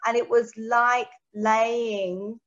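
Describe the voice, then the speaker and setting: A woman, a guest telling her personal testimony as a lively storyteller who acts out the dialogue she quotes. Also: fairly high pitch, extremely slow. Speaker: interview guest. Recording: dull lo-fi recording.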